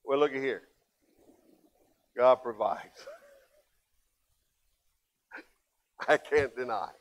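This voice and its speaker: An older man, a pastor, preaching a sermon, swinging from loud emphatic passages to low quiet asides. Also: drawn-out words.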